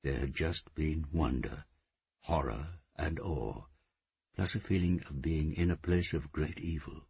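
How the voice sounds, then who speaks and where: A man narrating a novel in steady, measured scripted narration. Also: extremely low pitch, creaky, slightly rough, no room sound, lo-fi sound. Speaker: audiobook narrator.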